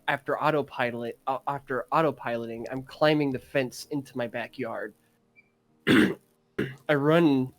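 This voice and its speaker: A young man on a podcast, casually retelling a dream in a rambling, animated way, full of fillers and throat-clearing. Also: medium pitch. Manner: animated, gets excited retelling. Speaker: podcast co-host. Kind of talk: casual storytelling.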